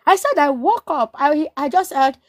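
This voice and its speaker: A woman's voice: high voice, animated, moderate pace, dry recording. A woman from Nigeria chatting on a live stream, telling stories animatedly and repeating phrases for emphasis. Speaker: guest. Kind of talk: casual storytelling chat.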